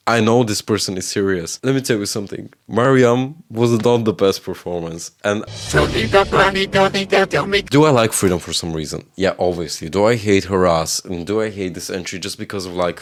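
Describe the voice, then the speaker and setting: Sassy deep-voiced man ranting. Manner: sassy, opinionated, blunt. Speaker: video host. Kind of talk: casual commentary rant.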